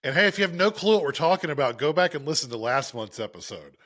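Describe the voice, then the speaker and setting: A man's voice: fairly high pitch, animated, fast, fairly bright tone, no room sound, studio quality. A man in his thirties co-hosting a faith podcast, easygoing and explanatory with a joking edge. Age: 30s. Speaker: podcast co-host. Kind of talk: casual podcast chat.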